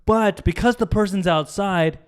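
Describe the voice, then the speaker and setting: With a high-pitched voice and a slightly slow pace, this young podcast co-host tells a story against slight background noise. He's animated and casual, swears, and performs the quoted voices of the characters.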